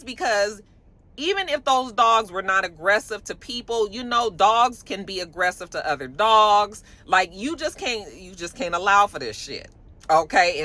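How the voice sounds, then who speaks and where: A woman hosting a casual commentary show, talking in an animated, profane way that swings from low mutters to loud high exclamations. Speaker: host.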